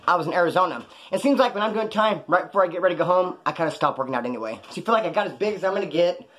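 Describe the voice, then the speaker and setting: A former prisoner telling stories about prison life in a blunt, rambling, profane way. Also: male voice, high-pitched, lively intonation, very fast, a bit bright. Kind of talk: casual storytelling monologue.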